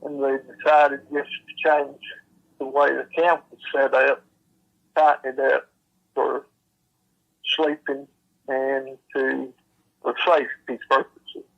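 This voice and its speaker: A man speaks slowly in a gravelly, bright-edged voice that barely rises or falls. He tells it plainly, filling pauses with "uh" and "you know". The sound is thin and lo-fi. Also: mid-range voice, flat delivery. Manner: slow, plain folksy telling with fillers. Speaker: storyteller. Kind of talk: recounting a secondhand encounter.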